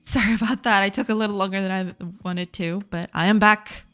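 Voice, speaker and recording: A woman livestreams her game development work, chatting casually and reacting to viewers over soft background music. Her mid-range voice is steady, fairly quick, a bit bright and clean, and she giggles often and stumbles over her words in a self-deprecating way.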